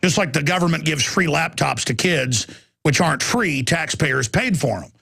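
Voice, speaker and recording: A man, hosting a talk radio show and ranting angrily about government spending, at times breaking into furious shouts. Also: fairly high pitch, lively intonation, moderate pace, creaky, breathy edge, faint music behind. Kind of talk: angry talk radio rant.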